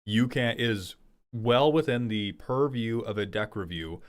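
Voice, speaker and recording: A man streaming live as a reviewer of viewers' card game decks, talking casually and profanely with loud outbursts. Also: mid-range voice, a little slow. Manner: animated, profane, breaks into loud outbursts and laughter. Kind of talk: casual livestream commentary.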